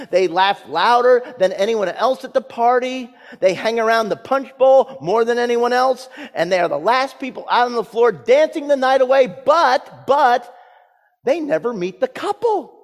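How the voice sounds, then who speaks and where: A man preaching a sermon as pastor, reading scripture, praying and telling stories with dramatic swings in loudness and pitch. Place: church sanctuary. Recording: long hall reverb.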